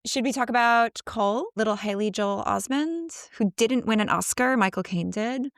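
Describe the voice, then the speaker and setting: A woman's voice: a little high, moderate pace, no room sound, clean studio sound. A woman co-hosting a podcast, chatting enthusiastically about a film, analyzing it and laughing often. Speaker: podcast co-host. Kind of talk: casual movie discussion.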